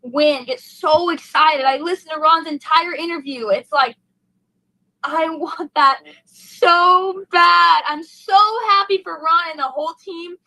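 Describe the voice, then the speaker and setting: Gushing young woman, high and bright. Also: unhurried, no echo, poor audio. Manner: gushing, breathless and heartfelt, rambling with fillers. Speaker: race car driver, interview guest. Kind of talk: emotional post-race interview.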